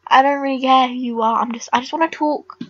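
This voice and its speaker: A woman's voice: high-pitched, fairly even intonation, fast, fairly bright tone, dull audio. A teenage girl chatting casually over her game recording, rambling and blunt with lots of filler words. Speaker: gamer vlogger.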